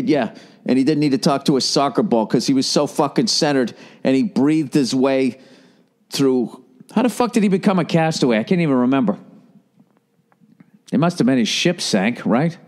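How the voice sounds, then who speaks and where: A man's voice: medium pitch, darkish tone. A man in his late forties hosting a podcast, riffing in a profane, sarcastic comedic monologue and slipping into mock voices. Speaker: podcast host.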